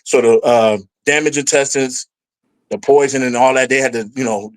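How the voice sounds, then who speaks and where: A middle-aged man talks as a guest on a casual podcast, telling a long personal story with lively energy. When he acts out his past self, his voice climbs higher. His pitch sits in the middle range for a man. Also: moderate pace, low-quality recording.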